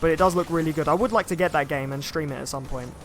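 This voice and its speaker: Young male streamer, high voice, loose rambling commentary with chat replies, soft game music behind. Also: fast talker. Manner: chatty, rambling, reads chat comments aloud. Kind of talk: casual live-stream commentary.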